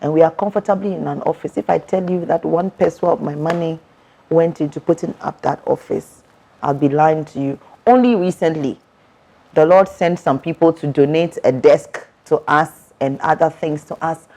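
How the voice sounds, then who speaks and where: A woman speaks in a low voice with an emphatic, preacherly style. She repeats words for effect as she gives a testimony during an interview. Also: normal speed, creaky, warm tone. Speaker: author and guest.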